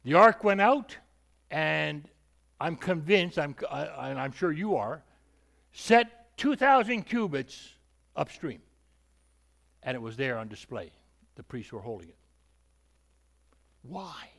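A man's voice: on the high side, animated, takes it slowly, creaky, long pauses, fairly bright tone. A male preacher giving an emphatic sermon, repeating points and asking rhetorical questions.

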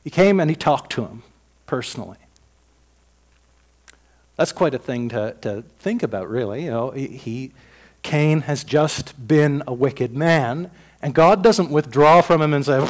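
A man preaching a sermon in a conversational, folksy way, acting out quoted dialogue and swinging between loud bursts and quiet asides. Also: medium pitch, animated, a little slow.

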